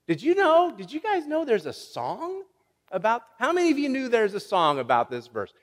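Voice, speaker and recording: A male pastor with a notably high voice delivers a sermon in a church, joking with the congregation and stumbling into repeated words as he goes. His voice rings with the long reverb of a large sanctuary. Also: wildly swooping pitch, moderate pace. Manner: playful, teases the congregation.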